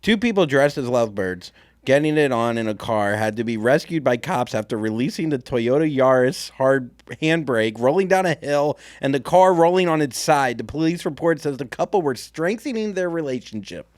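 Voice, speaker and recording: A man's voice: mid-range voice, animated, moderate pace, no echo, studio quality. A man co-hosting a podcast, talking candidly in casual chat. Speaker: podcast co-host.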